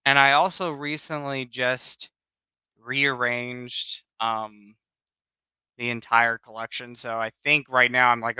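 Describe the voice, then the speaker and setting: Bright, smooth-voiced man hosting a livestream. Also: medium pitch, unhurried, no room sound, low-quality recording. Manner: affectionate, chatty, greets viewers by name. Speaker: livestream host. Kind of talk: casual chat.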